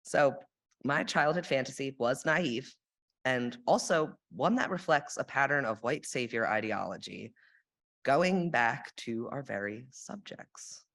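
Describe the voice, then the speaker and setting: A woman's voice: a bass voice, expressive, a little slow, a bit bright. A young woman giving a sermon in a church, reflective in tone and dropping dry sarcastic asides. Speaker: lay sermon speaker. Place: church sanctuary.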